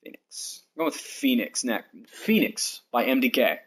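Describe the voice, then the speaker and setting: A young American man in his twenties rambles casually during a live game stream, talking directly to his viewers, with faint music in the background. His mid-range voice has lively intonation at a normal speed.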